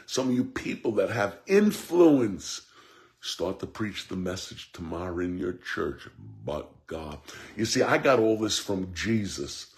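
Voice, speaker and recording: A man preaching an impassioned sermon, swinging between shouts and hushed tones and repeating a refrain. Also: deep voice, sing-song, unhurried. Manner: repeats a refrain, addresses listeners by name.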